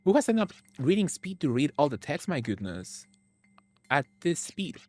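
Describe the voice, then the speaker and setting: A man's voice: a little high, animated, a little fast, no echo. A man streaming a game, making playful, sarcastic asides between scenes. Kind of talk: casual gameplay commentary.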